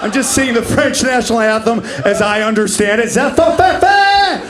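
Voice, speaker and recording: A man in his forties doing live stand-up comedy, brash and profane, bursting into shouted voices. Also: high-pitched, steady tone, brisk, a crowd in the background. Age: 40s. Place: comedy stage before a laughing audience.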